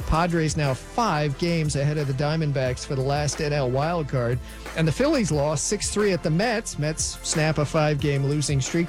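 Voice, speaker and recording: A man reading a brisk, matter-of-fact rundown of scores as the sports update anchor in a radio studio. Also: on the high side. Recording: music bed under voice.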